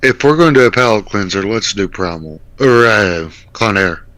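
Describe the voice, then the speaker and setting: A man chatting casually as a guest, easygoing and unhurried. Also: fairly low pitch, lively intonation, a bit bright, rough recording. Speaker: podcast guest. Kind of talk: casual chat.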